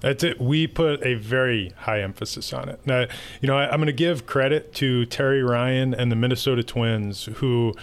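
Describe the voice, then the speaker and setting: A man's voice: medium pitch, normal speed, clear, resonant tone. Male sports executive guest, mid-range voice, easygoing anecdotal delivery. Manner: relaxed, anecdotal storyteller. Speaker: baseball team executive, guest. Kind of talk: casual interview answers.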